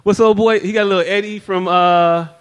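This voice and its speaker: A man hosting a podcast, recapping a movie in casual chat with animated, profane storytelling full of acted quotes. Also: high voice, a little fast. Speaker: podcast host.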